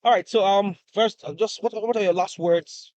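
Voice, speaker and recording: A man's voice: sits high, fairly even intonation, moderate pace, darkish tone, no echo. Upbeat Nigerian male podcast host. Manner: upbeat, hesitant fillers when asking questions. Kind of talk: casual podcast chat.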